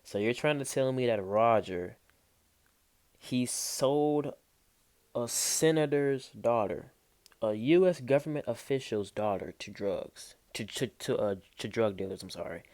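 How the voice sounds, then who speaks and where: A man reacting to clips in loose, slangy talk, incredulous and animated as he comments. He is recorded through a basic built-in mic instead of a proper microphone. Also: medium pitch, measured pace. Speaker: reaction video host. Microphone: built-in mic, not a real microphone.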